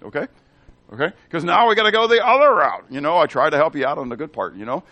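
A man's voice: a little high, expressive, quick pace, bright, forceful tone, no echo, muffled recording. A man giving a Bible teaching in a conversational way, checking in with the audience and asking them questions. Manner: asks the audience questions and repeats phrases.

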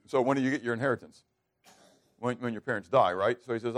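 A man preaching a sermon at an ordinary middle pitch. He keeps asking his listeners questions. He acts out the prayers he quotes. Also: animated, fast. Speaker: pastor.

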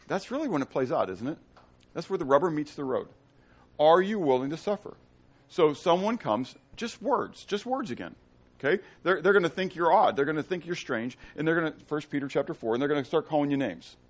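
A man's voice: on the high side, big pitch swings, a little fast. A man teaching a conversational Bible study, with joking asides and questions to his class.

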